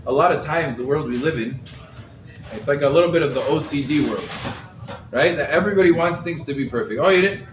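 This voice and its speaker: A man, a rabbi, giving a lively Torah class to a live group, quizzing his listeners and using Hebrew terms, recorded from across the room. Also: fairly high pitch, fairly quick. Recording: roomy echo, mic set far off, faint background noise.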